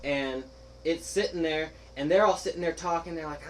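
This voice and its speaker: A man's voice: on the high side, moderate pace, slight background noise, low-quality recording. A young man casually telling a story to friends, acting out what others said and laughing along. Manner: animated, laughing, acts out quoted friends. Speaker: podcast host telling a story.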